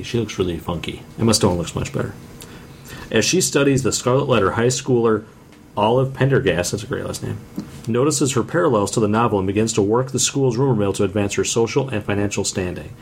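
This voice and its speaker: Lowish man reading movie blurbs. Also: expressive, quick pace, gravelly, a little hiss or hum. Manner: laughs often, reads synopses then comments. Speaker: podcast co-host.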